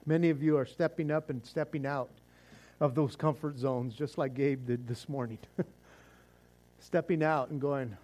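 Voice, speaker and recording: A man's voice: mid-range voice, fairly even intonation, moderate pace, darkish tone. A man preaching a sermon as pastor, fervent and casual, often repeating words as he restarts.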